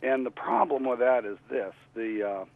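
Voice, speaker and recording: A man with a congested cold voice, speaking as a state representative guest in a phone interview, halting with fillers and throat clearing. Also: medium pitch, lively intonation. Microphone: telephone. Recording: tinny phone line.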